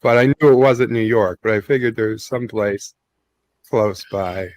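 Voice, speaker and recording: A man in a casual live-stream chat, speaking haltingly with many ums and uhs. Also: fairly low pitch, a little mellow.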